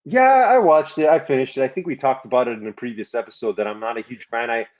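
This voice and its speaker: A man's voice: medium pitch, quick pace. A man co-hosts a casual sports podcast, rambling through his points and cursing freely whenever something annoys him. The audio is slightly dull and lo-fi. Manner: rambling, swears while ranting. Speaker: podcast co-host.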